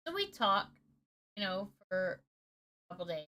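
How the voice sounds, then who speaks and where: A woman's voice: medium pitch, sing-song, unhurried, bright, forceful tone. A woman in her thirties streaming from home, telling a personal story in a casual, candid way and swearing freely. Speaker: gaming streamer.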